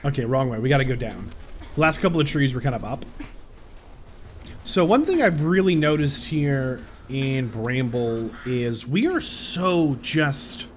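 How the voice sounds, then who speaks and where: A man commenting on a game as he plays it, joking and reacting with sudden excited yelps. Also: mid-range voice, a little slow, a little hiss or hum. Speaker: gameplay commentator. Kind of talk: let's-play commentary.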